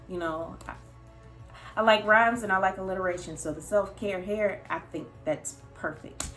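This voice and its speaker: A young woman speaking in a candid personal vlog. She is earnest and emotional, talking haltingly with frequent fillers and nervous laughs. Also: fairly low pitch, creaky, fairly bright tone. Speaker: vlogger.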